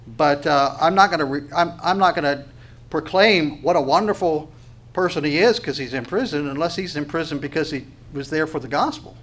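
Preacher, male, fairly high voice, poses questions then answers, restarts and repeats for emphasis. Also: a little fast, a bit bright. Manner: asks questions and answers them himself. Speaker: pastor. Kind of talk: sermon with scripture reading.

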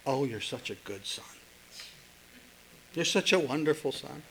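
A man's voice: medium pitch, animated, a little slow, gravelly, fairly bright tone, slight background noise, poor audio. A man voicing a doting mother who gushes over her grown son while preaching. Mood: gushing.

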